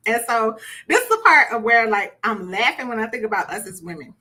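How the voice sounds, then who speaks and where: Bright, high-voiced woman coaching. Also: very animated, brisk. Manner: chatty, repeats words for emphasis. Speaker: relationship coach. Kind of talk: conversational online workshop teaching.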